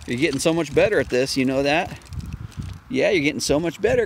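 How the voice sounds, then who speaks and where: A man outdoors on a street, filming his dog on a walk with a phone and coaxing it along in high sing-song praise and hummed "do do do" tunes. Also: animated, fairly quick, vocal fry, slight background noise. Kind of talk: sing-song pet talk.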